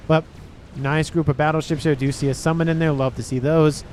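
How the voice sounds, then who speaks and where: A man casting a real-time strategy match, excitable and talking straight to the players. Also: on the high side, fairly quick, slight background noise. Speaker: game caster. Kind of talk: strategy game commentary.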